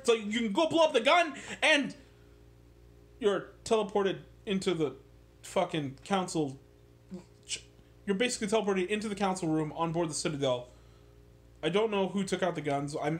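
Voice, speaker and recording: A man ranting about a video game in a casual, sarcastic way, swearing a lot and getting animated. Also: a little high. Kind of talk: casual profane rant.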